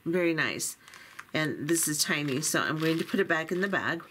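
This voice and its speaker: A woman's voice: sits low, expressive, moderate pace, fairly bright tone, slight background noise. A woman hosting a beading channel, chatting casually through an unboxing in a chatty, self-deprecating way with many fillers. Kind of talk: unboxing walkthrough, casual chat.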